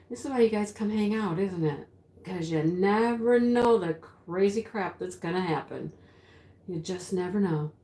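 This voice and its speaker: A woman's voice: mid-range voice, a little slow, pauses often, warm tone, natural voice. An actress playing a rambling, easily flustered woman who hosts a home craft livestream and giggles often. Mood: giggly flustered. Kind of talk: sketch comedy character acting. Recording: roomy echo.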